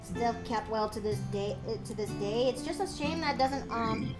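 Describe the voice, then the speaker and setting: A woman streamer chatting casually on a voice call, excitable and rambling with many fillers. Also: a little high, moderate pace. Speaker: streamer host. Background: background music.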